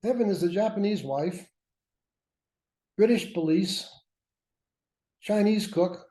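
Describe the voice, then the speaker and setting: A man's voice: high-pitched, slow, dark tone. A man teaching a workshop class, lecturing with wry, self-mocking asides. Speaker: workshop instructor. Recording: roomy echo.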